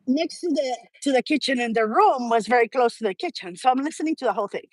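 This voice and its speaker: Woman guest, high voice, dry close sound, animated storytelling, middle-aged. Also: fast, no echo. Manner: lively, laughs often, acts out family quotes. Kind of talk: conversational storytelling.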